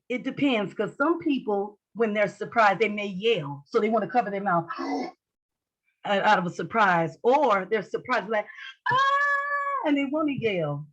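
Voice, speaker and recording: A woman's voice: mid-range voice, dull audio. A woman leading an online class in a lecture style. She is playful and acts out facial expressions with joking lines. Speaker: instructor.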